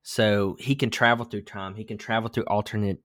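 Low-voiced man in loose casual chat. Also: steady tone, moderate pace, fairly bright tone, no echo, studio quality. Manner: loose and rambling, swears casually. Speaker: podcast co-host.

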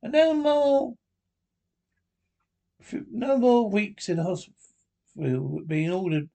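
A man's voice: high-pitched, very animated, slow pace, gravelly, warm tone, pitched above the performer's own voice, exaggerated voice. A man voicing an earnest, mild male mole, in a storybook reading.

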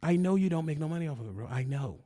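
A man's voice: on the high side, lively intonation, rapid-fire, mellow. A man on a video channel ranting at a rival, taunting and confrontational, with mocking laughs. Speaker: YouTuber. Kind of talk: heated rant at a rival.

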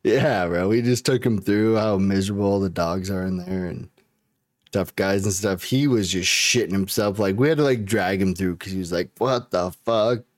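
A man's voice: deep voice, moderate pace, no echo, clean studio sound. A young man co-hosting a comedy podcast in loose, profane, laughing chat. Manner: laid-back, swears a lot, laughs often. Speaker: podcast co-host.

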